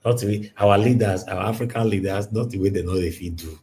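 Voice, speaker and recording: A man's voice: on the low side, a little fast, mellow. A Nigerian man hosting a live stream, talking in an emphatic, repetitive way and mixing in pidgin. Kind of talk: casual live-stream monologue.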